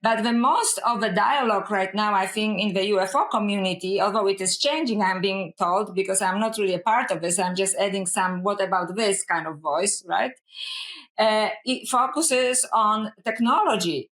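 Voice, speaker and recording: A woman's voice: medium pitch, moderate pace, a bit bright. Earnest woman scholar in a roomy space. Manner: reflective, earnest, often says "you know". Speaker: guest author and scholar. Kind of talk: conversational podcast interview. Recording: roomy echo.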